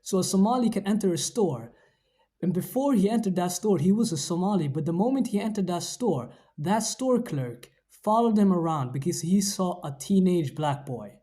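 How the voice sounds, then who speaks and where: A speaker giving measured commentary, weighing both sides of an argument. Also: medium pitch, animated, dark tone. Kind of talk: explanatory commentary.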